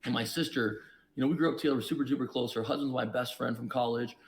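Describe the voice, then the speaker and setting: A man who is a podcast guest, telling his own story in an emphatic, preachy way, with sudden jumps in pitch and loudness. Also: fairly even intonation, fast talker, creaky. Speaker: podcast guest, investor and entrepreneur. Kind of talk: reflective storytelling.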